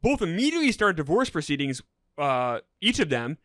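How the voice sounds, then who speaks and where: A man co-hosting a casual movie review chat, a lively storyteller who shares trivia. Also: fairly high pitch, fairly quick, no echo, clean studio sound. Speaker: podcast co-host.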